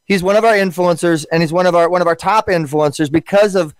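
An energetic man hosts a casual podcast, hurried and tripping over his own restarts. His voice sits high and rushes along. The sound is dry and close to the mic. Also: smooth, no room sound. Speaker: podcast host.

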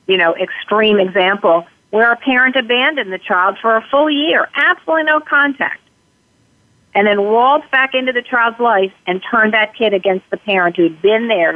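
A woman guest expert giving earnest explanatory answers in an interview, slipping into short quoted lines to illustrate her points. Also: medium pitch. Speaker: guest expert on parental alienation. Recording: tinny phone line.

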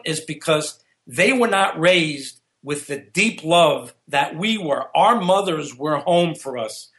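Middle-aged coach guy on a radio show, high voice, slow and preachy. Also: expressive, a bit bright. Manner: opinionated, preachy. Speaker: relationship coach guest. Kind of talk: casual radio chat.

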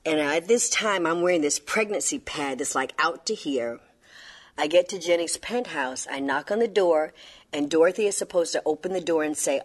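A woman, a guest actress, telling an interview anecdote with animated, laughing storytelling. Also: deep voice, normal speed.

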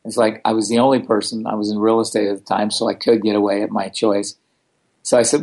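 A man telling stories in a relaxed interview, blunt and animated, with a casual, profane way of talking. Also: fairly low pitch, quick pace. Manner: blunt, animated, swears freely. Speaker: guest, founder of a self-help organization. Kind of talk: casual storytelling in conversation.

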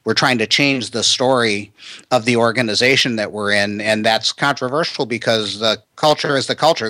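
A man with a bright, forceful voice hosts the interview, thinking aloud and restarting his sentences often. His voice is close and dry, with no room sound. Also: medium pitch, normal speed, no room sound. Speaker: podcast host. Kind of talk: conversational interview.

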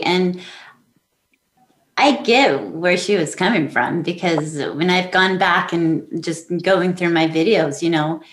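A woman with a fairly low voice hosts an interview, speaking warmly and emotionally in response to her guest. Her voice rings in a roomy, echoey space. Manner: warm, emotional, affirming. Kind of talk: casual interview chat. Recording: roomy echo.

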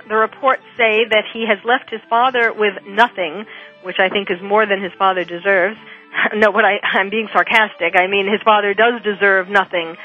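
Lady shrink hosting talk radio, lots of ums, tinny phone sound. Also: medium pitch. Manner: musing, hesitant, many fillers. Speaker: psychiatrist radio host. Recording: phone-like thin audio.

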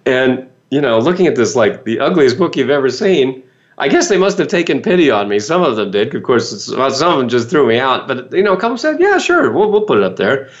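A man's voice: mid-range voice, a little fast. A man, a motivational speaker, telling a personal story to an audience and acting out the voices he quotes. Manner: animated, acts out quoted voices. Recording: dull lo-fi sound.

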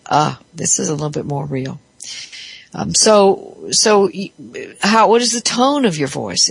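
A therapist talks through ideas in a thoughtful, explaining way, often stopping to restart a phrase. The voice sits at an ordinary middle pitch. The sound is close and dry, with no room echo. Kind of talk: reflective spoken talk on psychology.

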